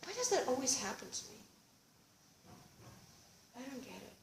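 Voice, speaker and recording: Animated woman telling a story on stage. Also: sits high, moderate pace, creaky, reverberant, a little hiss or hum. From Europe. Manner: animated, swearing, acts out dialogue. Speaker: solo comedy performer. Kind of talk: live storytelling to an audience. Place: theater stage with live audience.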